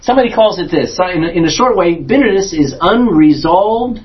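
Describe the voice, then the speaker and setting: A man's voice: high voice, fairly quick. A man teaching a Bible class as pastor, asking the class questions and stressing points in a conversational way. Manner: asks the class questions, lively emphatic delivery. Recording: dull lo-fi recording.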